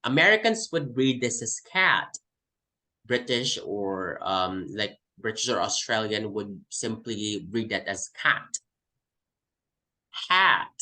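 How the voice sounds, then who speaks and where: A man's voice: fairly low pitch, lively intonation, measured pace, few pauses, pushed and bright, low-quality recording. A man from the Philippines, teaching an English test class and explaining by repeating example words. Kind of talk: online class lesson.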